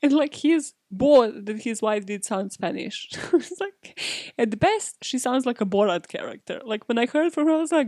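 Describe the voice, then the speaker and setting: A woman's voice: on the high side, lively intonation, moderate pace, darkish tone, no echo, studio quality. A woman hosting a podcast, telling a true-crime story in a casual, profane, chatty way with sarcastic asides. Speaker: podcast host.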